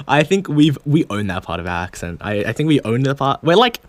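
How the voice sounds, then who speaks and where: A young Australian man talks loosely, his accent blending in American and British bits and English being his second language. His pitch jumps around a lot as he laughs and restarts his sentences. The recording is close and dry. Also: very animated, normal speed, no echo. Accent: Australian, mixed with American and British. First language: not English. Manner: laughing, chatty, many restarts. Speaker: YouTuber and guest. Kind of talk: casual podcast chat.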